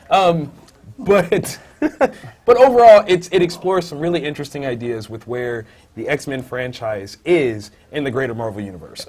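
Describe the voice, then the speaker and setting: Animated man co-hosting a comics podcast. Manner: animated, jumps to loud, high outbursts; many fillers, thinks aloud. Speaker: comic book review podcast co-host. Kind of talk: casual chat.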